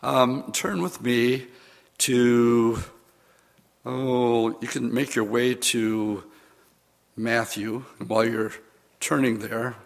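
A man's voice: mid-range voice, flat delivery, drawn-out words, vocal fry, pauses often. A man preaching a sermon, retelling scripture in a conversational, storytelling way with casual fillers.

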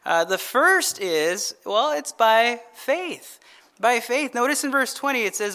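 A man's voice: high voice, sing-song, moderate pace, bright, forceful tone. A male pastor giving a midweek Bible-study sermon in a casual, conversational way, often asking the audience rhetorical questions and chuckling as he tells stories. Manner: chuckles while telling stories.

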